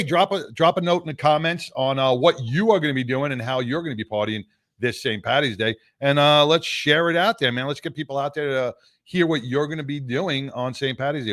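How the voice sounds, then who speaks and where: A man's voice: medium pitch, fairly quick, fairly bright tone, no room sound. A man hosting a live radio show in a studio, laid-back and chatty, often adding "man" at the end of a sentence. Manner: laid-back, says "man" a lot, laughs easily. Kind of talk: casual radio chat.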